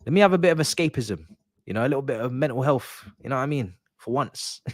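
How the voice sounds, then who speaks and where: A young man chatting casually on a football watch-along stream, joking and laughing in slang and erupting loudly at near-misses. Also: mid-range voice, expressive, fast. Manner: laughing, nostalgic banter with slang, loud bursts at near-misses.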